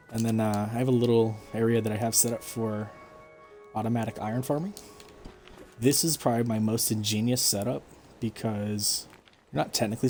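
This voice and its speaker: A man giving relaxed, explanatory commentary over his own gameplay stream, with frequent fillers. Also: mid-range voice. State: hiccups. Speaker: gaming streamer.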